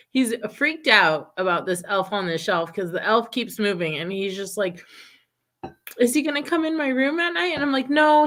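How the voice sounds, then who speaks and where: A woman's voice: medium pitch, a bit bright. A woman in her thirties chatting casually, telling stories and laughing often. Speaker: podcast co-host. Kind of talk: casual chat.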